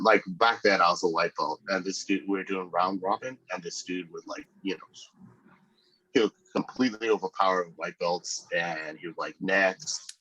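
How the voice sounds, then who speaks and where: A man with a very low, husky voice tells animated stories and laughs often in casual podcast chat. The sound is close and dry, with little room echo. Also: highs cut off. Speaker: podcast guest.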